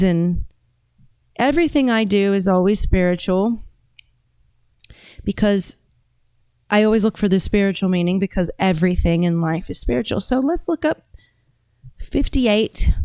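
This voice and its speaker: A woman's voice: mid-range voice, darkish tone, clear, resonant tone, no room sound. Woman, podcast host, casual rambling commentary, accent drifting British-tinged to Southern, resonant voice, dry recording. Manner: rambling, thinks aloud with fillers. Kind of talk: casual commentary while browsing and reading aloud.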